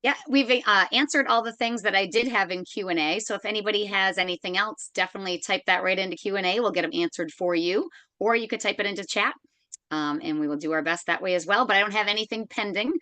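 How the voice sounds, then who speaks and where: Woman running the q and a, talks fast, bright voice, dry close sound. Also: mid-range voice, dry recording. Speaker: webinar moderator. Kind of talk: casual chat.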